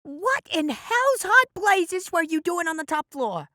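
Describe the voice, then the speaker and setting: A man doing a shrill, scolding landlady. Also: sing-song, a little slow, bright, forceful tone, no echo, clean studio sound, exaggerated voice. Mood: furious. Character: loud, furious large landlady, older woman.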